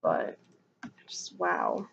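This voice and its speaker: A woman's voice: very slow, a bit bright. A young woman ranting in a casual vlog monologue, frustrated and rambling, often stopping and restarting her sentences. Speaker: vlogger. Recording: dull lo-fi sound with faint noise.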